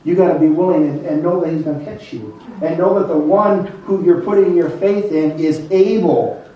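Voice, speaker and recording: An older man preaching a sermon as a pastor, calling on the congregation and slowing down to stress his points. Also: a little high, steady tone. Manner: preaching, calls on the congregation, slows down for emphasis. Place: church. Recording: echoey church hall, mic far off, dull.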